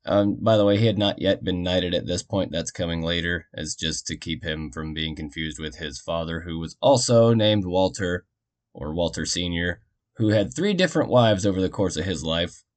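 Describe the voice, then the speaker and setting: A man's voice: low-pitched, expressive, normal speed. A man hosting a history storytelling podcast, narrating casually with jokey, rambling asides and muttered side remarks.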